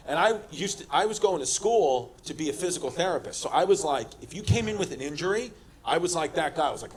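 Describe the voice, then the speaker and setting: A man's voice: high voice, animated, fairly quick. A man with a New York accent doing brash, profane stand-up and crowd work on a club stage, acting out the people in his stories. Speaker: stand-up comedian. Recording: live club audience. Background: audience laughter.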